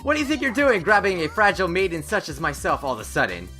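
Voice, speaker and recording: A fiery, bossy young schoolgirl from a visual novel game scolds in a shrill, accusing tone, as a man puts her on. The voice sits high and bright and swoops all over the place, huffy and forceful. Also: sing-song, brisk, faint music behind, full character voice. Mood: indignant. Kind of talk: reading visual novel dialogue aloud.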